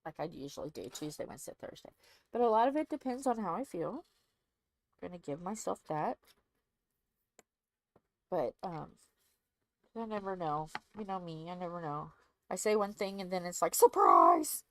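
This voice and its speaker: A middle-aged woman from Indiana, chatting casually to her viewers while doing a craft, rambling and growing soft when sad. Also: on the low side, expressive, normal speed, pauses often, low-quality recording. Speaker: crafting channel host. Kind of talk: casual chat to viewers while diamond painting.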